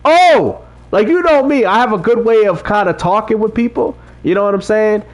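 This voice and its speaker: A man with a fairly high voice chats with his livestream viewers about faith. He talks like a street preacher, direct and repetitive, checking that chat is following him. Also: expressive, moderate pace. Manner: talks straight to chat, repeats himself, preachy street-evangelist talk. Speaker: livestream host reading chat.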